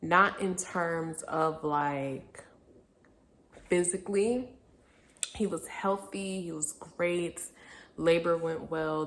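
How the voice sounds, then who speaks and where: A young woman vlogger telling a personal story in a candid, reflective way, now and then laughing through hard memories. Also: sits low. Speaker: vlogger, mother. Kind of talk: casual personal storytelling to camera.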